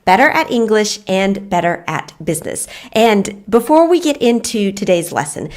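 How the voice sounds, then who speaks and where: A woman's voice: mid-range voice, big pitch swings, normal speed. Business english coach lady, upbeat intro, friendly. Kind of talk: online lesson intro.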